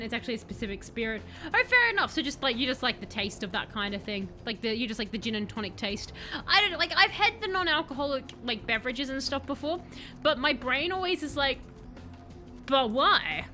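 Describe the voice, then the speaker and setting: A woman's voice: on the high side, pushed and bright, slight background noise. A woman streaming a game, chatting animatedly with her viewers, self-mocking and reading out their messages. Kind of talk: let's-play commentary chatting with chat.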